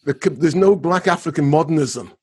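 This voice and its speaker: Brief: male co-host, raspy upper-mid voice, emphatic delivery. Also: fairly high pitch, a little fast, darkish tone. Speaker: artist and podcast co-host. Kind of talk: podcast discussion.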